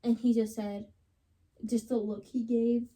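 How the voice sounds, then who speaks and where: A young woman co-hosting a casual podcast, telling a personal story with lots of "like" and plenty of drama. Her voice sits somewhat high, with a dark, mellow tone. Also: level tone, a little slow. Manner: chatty, dramatic retelling, lots of "like". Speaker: podcast co-host.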